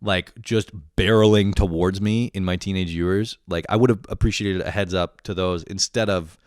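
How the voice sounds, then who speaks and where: This twenty-something vlogger's voice sits low, clear and resonant as he rants casually and comically at a normal speed. He swears a lot, laughs often and stays animated, captured in a dry, studio-quality recording.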